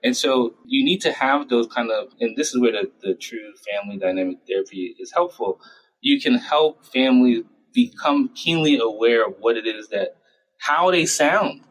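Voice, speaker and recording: A man speaking as a child psychiatrist in an interview, explaining his work in a lively way and acting out parents and teens in short quoted asides. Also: medium pitch, poor audio. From United States. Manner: animated, acts out parents and patients in quick quoted asides. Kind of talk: conversational interview answers.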